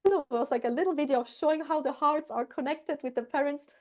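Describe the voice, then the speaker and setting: A woman guest speaking earnestly and warmly about parenting, telling personal stories in a casual interview. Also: sits high, fast. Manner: earnest, heartfelt, repeats words for emphasis. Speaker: guest, coach and hypnotherapist. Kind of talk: casual interview talk, storytelling.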